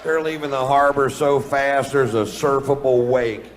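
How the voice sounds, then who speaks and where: A man's voice: mid-range voice, normal speed, a little hiss or hum. A man telling a long stand-up story in a laid-back, profane, drawling way. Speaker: stand-up comedian. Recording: played stand-up clip.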